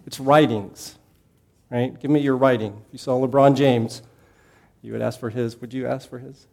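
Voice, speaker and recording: A man's voice: medium pitch, fairly even intonation, moderate pace, gravelly, a little mellow. A man teaching a Bible class in a conversational way, asking the class questions and repeating his key points.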